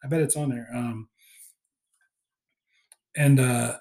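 A man's voice: mid-range voice, fairly even intonation, takes it slowly, vocal fry, darkish tone. A man chatting casually on a podcast, recapping a movie with lots of fillers and acted-out quotes. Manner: rambling, many fillers, acts out quoted lines. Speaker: podcast co-host.

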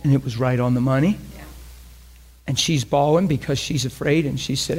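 A man's voice: medium pitch, normal speed, darkish tone, breathy edge. A man preaching in a conversational, emphatic way, often repeating phrases as he teaches. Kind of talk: sermon teaching.

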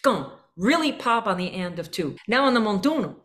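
A woman coaching a school band through a rehearsal, energetic and singing out rhythms to demonstrate. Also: medium pitch, a little fast. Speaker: band clinician. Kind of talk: rehearsal coaching with sung examples.

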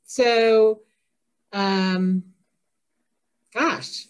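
A woman from Indiana talks as a guest author in a relaxed interview. Her voice sits at a medium pitch, and she is chatty and quick to make fun of herself. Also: clear, resonant tone. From Indiana, USA. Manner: chatty, self-deprecating, laughs often. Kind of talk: casual interview.

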